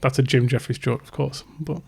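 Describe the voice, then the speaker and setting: A man's voice: medium pitch, steady tone, brisk, gravelly, darkish tone, slightly rough. A man, co-hosting a podcast in crude, joking casual chat. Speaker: podcast co-host.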